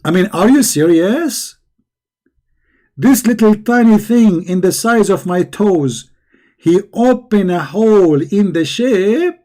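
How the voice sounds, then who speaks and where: Man, debate host, mocking and combative, slightly high voice, dark mellow tone. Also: animated, slow pace. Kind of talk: live online debate commentary.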